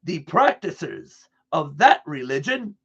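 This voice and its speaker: A man reading a broadcast transcript aloud in an earnest, deliberate way, restarting now and then over a word. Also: on the high side, sing-song, creaky, husky, muffled recording. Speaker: reader.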